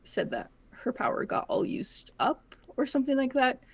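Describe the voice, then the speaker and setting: A woman's voice: high voice, sing-song, moderate pace, slightly rough. A woman player in a tabletop role-playing game who asks probing questions and laughs often. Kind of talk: in-character tabletop banter.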